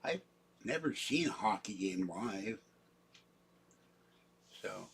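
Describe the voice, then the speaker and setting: A man's voice: lowish voice, animated, slow pace, gravelly, a little hiss or hum. An older man rambling in a casual livestream from his home computer, wandering between stories with a self-mocking manner. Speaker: livestream host.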